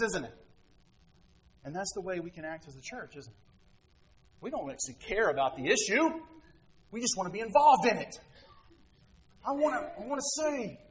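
A man's voice: high voice, rough recording. A man giving a conversational sermon as a pastor, often asking rhetorical questions.

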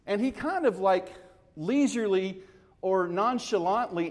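Conversational male preacher, slightly high voice. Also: expressive, measured pace, a little mellow. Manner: conversational, explaining scripture with everyday comparisons; retells dialogue, acting out the speakers. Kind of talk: sermon.

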